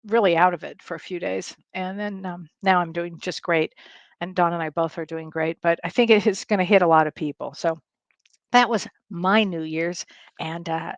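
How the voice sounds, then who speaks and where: On a casual home livestream, an older woman working as a spiritual medium shares stories with lots of laughter and rambling restarts. She speaks in a fairly low, steady voice at a moderate pace, and the webcam or streaming mic captures no room sound, with the highs cut off.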